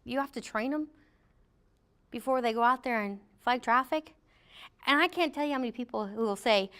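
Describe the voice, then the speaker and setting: High-voiced middle-aged woman, joking safety instructor who acts out quotes. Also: moderate pace, a bit bright. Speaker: safety trainer. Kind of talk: classroom training talk.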